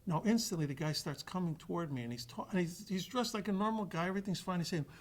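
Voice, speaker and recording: A man telling a story in a casual podcast chat, animated and often restarting his sentences. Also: high voice, fast. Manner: animated, acts out quoted voices, trails off and restarts.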